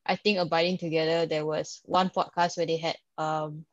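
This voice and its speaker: A woman's voice: low voice, level tone, normal speed, no echo. A woman with a Singaporean English accent, co-hosting a podcast in casual, chatty talk full of "like" and "right?". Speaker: podcast co-host. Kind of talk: casual chat. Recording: dry, slightly dull sound.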